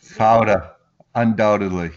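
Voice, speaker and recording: A man in a casual chat among friends, wry and measured in how he speaks. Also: lowish voice, fairly even intonation. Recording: dull lo-fi sound.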